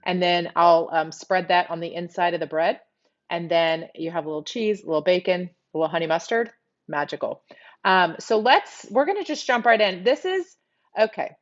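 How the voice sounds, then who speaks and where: A middle-aged woman with a Texas twang hosts a live cooking demo from her home kitchen, talking straight to her viewers in a chatty way. Her voice sits a little low. The stream audio is a bit dull and lo-fi. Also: lively intonation, normal speed. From South Texas. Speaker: cooking show host.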